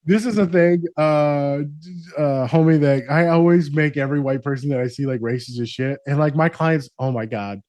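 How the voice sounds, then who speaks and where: A man's voice: fairly high pitch, normal speed, a little mellow, no room sound. A man, a therapist guesting on a podcast, talking in a brash, profane, teasing way and laughing often. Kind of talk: casual podcast chat.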